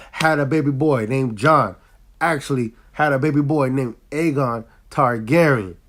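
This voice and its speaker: A man recapping and reviewing a TV episode in casual, slangy talk, excitable and loud when hyped, sounding a bit sick with a cough now and then. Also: medium pitch.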